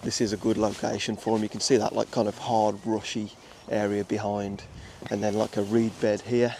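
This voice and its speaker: A man's voice: lowish voice, little pitch movement, normal speed, dark tone, slight background noise. A young man with an English Midlands accent, chatting casually with many fillers and restarts as he films on a walk through a nature reserve. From England. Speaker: wildlife photographer. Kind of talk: casual vlog narration outdoors.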